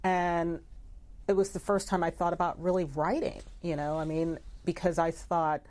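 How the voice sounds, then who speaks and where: Low-voiced reflective woman editor. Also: little pitch movement, normal speed, darkish tone. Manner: reflective, full of "you know" asides. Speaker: newspaper editor and guest. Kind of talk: conversational interview.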